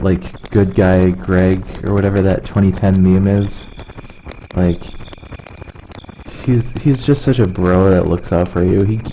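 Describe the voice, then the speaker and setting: A man's voice: lowish voice, dark tone, a little hiss or hum, low-quality recording. A young man streaming a game, chatting casually and rambling with a lot of swearing. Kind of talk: casual chat while gaming.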